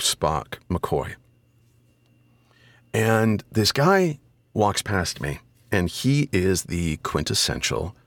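A middle-aged man with a very deep voice tells a story as a podcast guest. He is animated and swears freely, and breaks into loud, high-pitched asides. The sound is dry and close to the mic. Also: dry recording. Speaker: audiobook narrator and guest. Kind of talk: casual storytelling interview.

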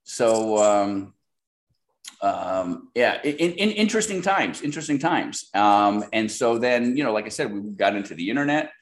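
A middle-aged man with a fairly low voice tells a business story as an interview guest. He rambles with plenty of fillers and restarts. When he quotes other people, he jumps into animated voices for them. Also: unhurried. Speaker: guest, software business founder.

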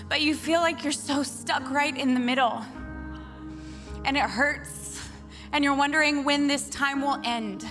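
A woman from Washington State speaking at a church service, praying and then chatting in an expressive, emotional way. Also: sits high, normal speed, over music. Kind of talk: prayer and sermon talk.

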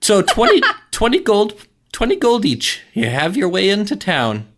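A game master voicing a scheming little goblin who runs a fake toll gate and speaks in a high, old-fashioned, mock-polite way. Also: male voice, wildly swooping pitch, normal speed, exaggerated voice. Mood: pushy. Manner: high squeaky put-on voice, archaic greetings. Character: sly goblin toll-keeper, small and scheming.

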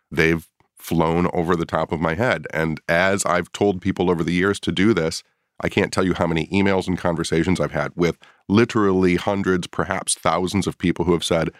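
In a close, dry recording with no echo, a middle-aged paranormal investigator shares a story on a laid-back podcast. His very low voice holds a steady tone at a moderate pace, rising sharply in pitch as he acts out his past reactions.

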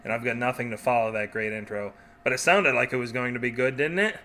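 A man's voice: mid-range voice, fast, sharp tone. A man hosting a podcast, making wry, joking asides and reading a short story aloud.

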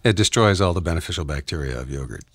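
A man's voice: very deep voice, animated, fast, dry recording, clean studio sound. A man co-hosting a podcast, wry and teasing, sometimes reading aloud with mock gravity. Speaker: podcast co-host. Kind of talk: casual chat.

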